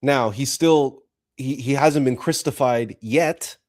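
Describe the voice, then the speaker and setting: A man's voice: mid-range voice, slow, darkish tone. A man hosting a spiritual talk show, speaking in an earnest, emotional monologue with frequent repeats and restarts. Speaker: host.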